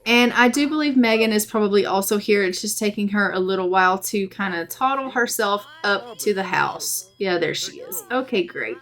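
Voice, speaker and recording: A woman giving casual, chatty let's-play commentary, giggling and voicing her characters' thoughts in quick asides. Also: medium pitch, a bit bright. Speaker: gameplay narrator.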